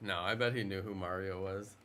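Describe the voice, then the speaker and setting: A man's voice: sits low, steady tone, fairly quick, a bit bright, a little hiss or hum. A man in his thirties chatting casually on a live stream while gaming, joking and answering chat questions.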